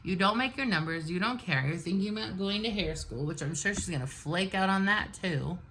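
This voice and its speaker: Forty-something woman ranting thru a makeup storytime, kinda low voice, sharp and bright. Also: brisk, slight background noise. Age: 40s. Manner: venting, animated, blunt. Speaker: vlogger. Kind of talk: get-ready-with-me storytime.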